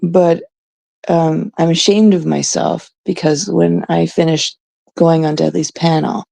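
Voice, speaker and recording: A woman's voice: low voice, fairly even intonation, unhurried, vocal fry, warm tone, no echo. A woman from Canada talking casually on a livestream, aggrieved and emphatic, repeating her points.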